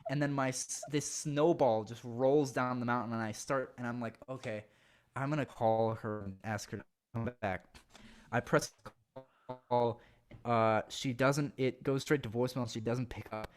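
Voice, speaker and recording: A man's voice: medium pitch, normal speed, clean tone. Young man telling a story animatedly. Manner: animated, laughing, acts out quotes. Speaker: guest. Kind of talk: casual storytelling.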